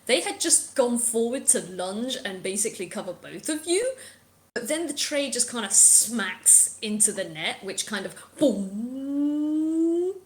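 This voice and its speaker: A woman's voice: medium pitch, big pitch swings, moderate pace, roomy sound. A woman narrating a tabletop game as game master, playful and dramatic with sound effects.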